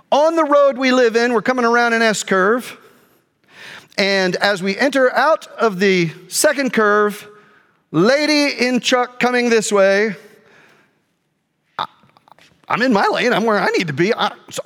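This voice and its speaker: A middle-aged male pastor telling a personal story in a sermon, animated, jumping between quiet asides and loud outbursts. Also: high voice, moderate pace. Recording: long hall reverb.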